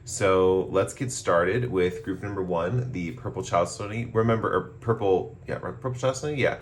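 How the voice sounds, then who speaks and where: A man with a hoarse voice after a cough, giving a relaxed, rambling tarot reading with many pauses and ums. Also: low-pitched, slight background noise. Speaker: tarot reader. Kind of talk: casual pick-a-card tarot reading.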